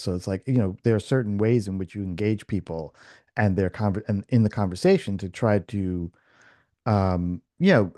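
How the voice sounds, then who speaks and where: Low, mellow man telling a rambling story. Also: dry recording, studio quality. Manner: rambling, full of restarts and fillers; animated, acts out quoted dialogue. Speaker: podcast host. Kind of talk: casual storytelling chat.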